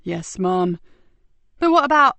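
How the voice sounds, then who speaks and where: Woman doing a blunt police inspector, impatient, raised gravelly voice, dry close sound. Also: medium pitch, very animated, slow, sharp tone, no echo, exaggerated voice. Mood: sharp, brisk. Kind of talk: audiobook character voice.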